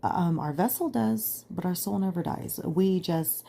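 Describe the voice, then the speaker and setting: A woman's voice: on the low side, a little slow, vocal fry, dark tone. A young adult woman hosting a podcast, talking in an earnest, emphatic monologue full of "like" fillers. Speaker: podcast host. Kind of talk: casual personal monologue.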